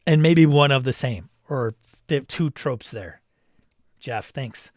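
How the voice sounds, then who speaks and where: A man's voice: medium pitch, takes it slowly, no room sound, studio quality. A man hosting a live stream, chatting casually, reading viewer comments aloud and laughing often. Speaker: livestream host reading chat. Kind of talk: casual chat.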